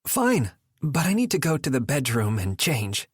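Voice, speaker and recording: A male narrator voicing a bold young woman who speaks in a hushed, conspiratorial way. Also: medium pitch, wildly swooping pitch, moderate pace, husky, no room sound, studio quality, pitched above the performer's own voice. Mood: breezy.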